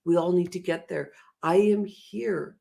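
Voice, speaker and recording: A woman's voice: lowish voice, a little slow, vocal fry, dark tone. A middle-aged woman giving an emotional, earnest motivational talk, often laughing at herself. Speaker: motivational speaker.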